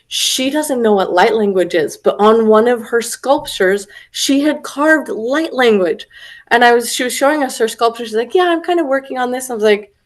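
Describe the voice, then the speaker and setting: A woman hosting a casual spiritual conversation, telling stories with lively, acted-out quotes. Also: fairly high pitch. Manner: animated storyteller, acts out quoted voices. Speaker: podcast host.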